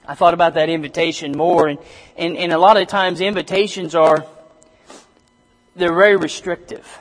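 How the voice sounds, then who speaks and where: A man preaching a sermon, halting with many restarts and fillers, then rising to emphatic reading of scripture. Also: on the high side, big-room sound.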